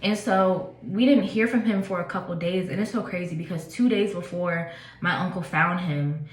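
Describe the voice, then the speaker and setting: A young woman in her twenties tells a personal story in a relaxed, rambling vlog style. Her voice sits a bit low. The room gives it a noticeable echo. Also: normal speed. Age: 20s. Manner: casual, chatty, many fillers. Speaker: vlogger. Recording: echoey room.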